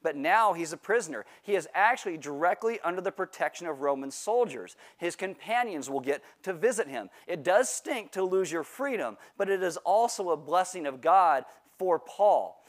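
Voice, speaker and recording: A man's voice: sits high, animated, moderate pace, few pauses. A male pastor giving a sermon, telling a self-mocking personal story in a joking way. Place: church livestream.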